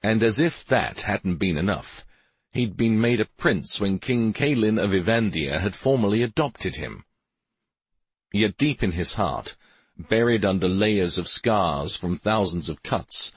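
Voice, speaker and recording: A man narrating a fantasy audiobook in a measured, even reading. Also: fairly low pitch, breathy edge, no room sound. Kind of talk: scripted narration.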